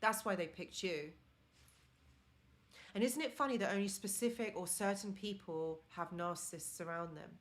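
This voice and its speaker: A woman's voice: mid-range voice, normal speed, fairly bright tone. A woman with an accent hosting a live stream, talking earnestly and encouragingly straight to her viewers. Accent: non-native accent of English. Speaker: live-stream host and relationship mentor.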